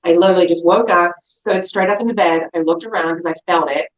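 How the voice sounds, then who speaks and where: A middle-aged woman, a guest, telling a story in an animated, lively way over a video call. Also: fairly low pitch, quick pace, reverberant, lo-fi sound. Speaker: guest, crystal seller. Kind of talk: casual storytelling chat.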